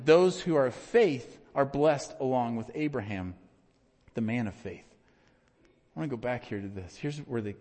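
A man preaching a sermon, swinging from loud emphatic peaks to hushed, quiet questions. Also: fairly high pitch, big-room sound. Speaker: pastor.

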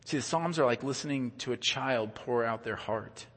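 Male pastor, conversational sermon delivery, repeats words, medium pitch, big reverberant sanctuary. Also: normal speed, a bit bright. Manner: earnest, conversational preaching with frequent word repeats. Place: church sanctuary. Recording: long church reverb.

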